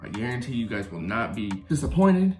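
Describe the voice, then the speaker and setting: A hyped, chatty man hosting a reaction video and speaking straight to his viewers at a middling pitch. His voice rings in an echoey room, with faint music behind him. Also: big pitch swings, brisk, a little mellow. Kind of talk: casual reaction commentary.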